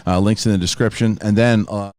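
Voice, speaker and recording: A man's voice: fairly low pitch, fairly quick, no room sound, clean studio sound. A man hosting a live-stream show, talking casually and reading viewer comments. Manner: relaxed, casual, with fillers. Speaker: host.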